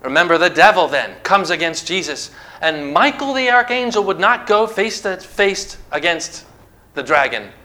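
A male preacher tells scripture stories with an emphatic, dramatic delivery. His voice is bright and sits a little higher than usual for a man. He slows down hard on the key words. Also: expressive, low-quality recording. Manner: emphatic, dramatic storytelling with slow stressed phrases. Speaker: pastor. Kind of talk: sermon.

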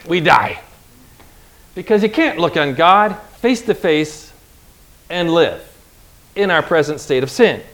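A man delivering a sermon in a rather high-pitched voice. He talks in a casual, conversational way and keeps asking his listeners questions. His pitch leaps upward whenever he stresses a point. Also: expressive, slow pace, long pauses, fairly bright tone. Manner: emphatic, voice jumps up on acted pleas. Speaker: preacher.

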